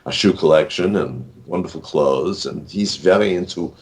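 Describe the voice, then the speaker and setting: Speaking at normal speed in a low-pitched voice, this older man in his sixties rambles through a casual interview, full of fillers and restarts. He's an author and actor appearing as the guest.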